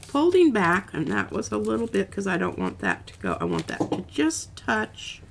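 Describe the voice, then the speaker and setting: Woman with a gravelly voice, rambling craft demo. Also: medium pitch, wildly swooping pitch, moderate pace, background noise. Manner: chatty, rambling, with restarts. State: coughing now and then. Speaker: art stream host.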